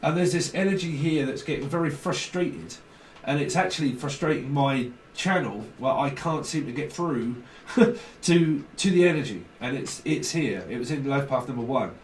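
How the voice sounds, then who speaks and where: A man's voice: medium pitch, animated, normal speed, hardly any pauses, reverberant, distant mic, slight background noise, poor audio. A man giving a casual tarot reading, rambling and blunt, swearing freely. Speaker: tarot reader.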